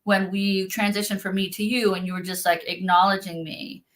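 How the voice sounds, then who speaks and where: A woman's voice: medium pitch, level tone, normal speed, a bit bright. Earnest woman talking on a call. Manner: earnest, heartfelt. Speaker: spiritual activation practitioner. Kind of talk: casual conversation.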